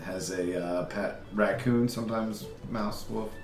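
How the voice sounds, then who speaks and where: Low-voiced joking man at the game table. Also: steady tone, unhurried, reverberant, faint music behind. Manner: joking, self-mocking. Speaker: player. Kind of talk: casual chat.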